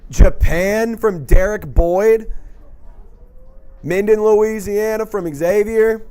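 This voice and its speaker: A man with a high voice reads viewer comments aloud on a live sports stream. He goes through a list of names and places at an unhurried pace. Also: mellow, clear, resonant tone. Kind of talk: reading out the chat on a live stream.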